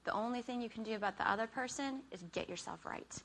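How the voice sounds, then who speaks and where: A woman with a bright, forceful voice gives a chatty Bible teaching and speaks fairly high. She keeps checking in with her listeners with "okay?" and acts out little everyday scenes. She talks into a handheld mic. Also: fast, a little hiss or hum.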